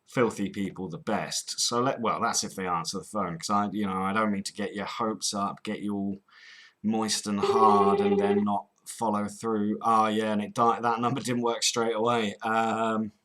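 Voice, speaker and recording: A man's voice: lowish voice, level tone, normal speed, a bit bright, rough recording. A man hosting a prank-call channel, chatting casually between calls in a rambling way with crude jokes.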